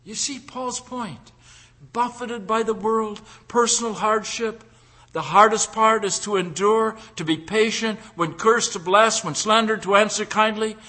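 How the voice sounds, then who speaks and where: Male preacher, high bright voice, emphatic sermon delivery that drops to a hush, stumbles and repeats words. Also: steady tone, a little slow. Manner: emphatic, swings from loud declaring to hushed pleading; repeats and restarts words mid-phrase.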